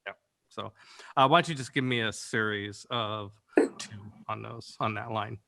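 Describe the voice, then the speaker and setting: A man's voice: lowish voice, moderate pace, vocal fry, noisy background. A man directing voice actors in a recording session, giving rambling instructions full of fillers over a video call.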